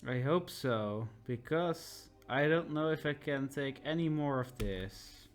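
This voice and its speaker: A man's voice: medium pitch, takes it slowly, soft background music, natural voice. A man voicing a disillusioned young soldier in a video game, speaking in a weary, troubled way.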